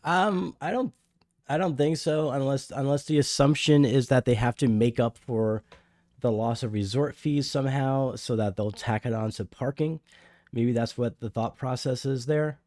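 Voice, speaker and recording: A man co-hosting a casual podcast, relaxed and a bit hesitant, with a joking streak. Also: mid-range voice, normal speed, no echo. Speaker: podcast co-host.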